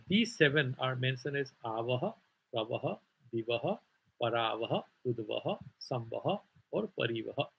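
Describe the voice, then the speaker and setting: A man's voice: fairly high pitch, gravelly, slightly rough, dull audio. A man with an Indian accent teaching a scripture class, explaining in a loose, digressive way full of "sort of" asides. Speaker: Vedanta teacher.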